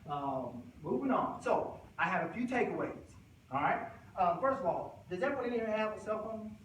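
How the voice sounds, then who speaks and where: A man who works as an assistant principal gives an informal, animated talk to a group of parents and acts out the voices of the people in his stories. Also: high voice, moderate pace. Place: room with an audience. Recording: echoey room recorded from a distance, noisy.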